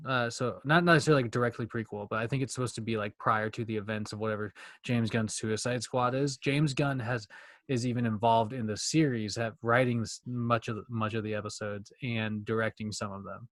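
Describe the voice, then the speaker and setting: Fast-talking young man on a podcast. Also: medium pitch, fairly even intonation, dry recording, studio quality. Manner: fast, rambling, swears a lot. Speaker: podcast co-host. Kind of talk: casual chat.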